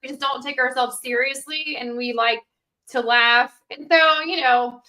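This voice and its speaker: A woman's voice: sits high, steady tone, moderate pace, bright, forceful tone, low-quality recording. A woman guest on a podcast, chatting candidly and casually, with lots of "like". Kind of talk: casual chat.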